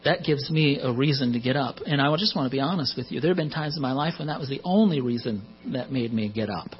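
A man's voice: mid-range voice, animated, quick pace. A middle-aged man preaching a sermon in a conversational way, with joking asides, on a muffled recording with mains hum.

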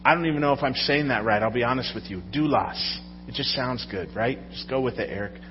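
A man's voice: mid-range voice, fast, noisy background. A man preaching a sermon to a congregation in a conversational way, often asking the audience questions. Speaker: pastor. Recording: dull sound with long hall reverb.

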